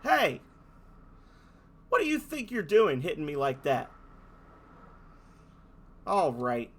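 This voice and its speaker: Man doing a gruff Aussie dolphin monster. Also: fairly high pitch, huge pitch swings, takes it slowly, heavily acted. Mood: menacing. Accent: put-on Australian. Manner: gruff, threatening, loud. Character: bullying male ice dolphin monster, gruff tough-guy.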